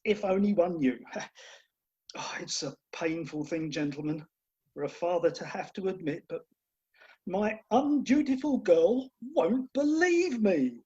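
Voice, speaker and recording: Fussy, fretful father of the bride in a comic radio play, voiced by a woman with a very husky, breathy tone. His pitch swings widely as he fusses and exclaims. The sound is muffled, like a video call. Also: animated, measured pace, mellow. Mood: rueful. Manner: fussing and exclaiming, theatrical. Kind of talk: Zoom radio play acting.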